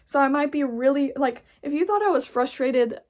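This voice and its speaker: Angry high-voiced young woman ranting. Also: moderate pace, darkish tone, a little hiss or hum. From United States. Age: young adult. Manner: angry, profane, blunt. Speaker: podcast host. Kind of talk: casual ranting monologue.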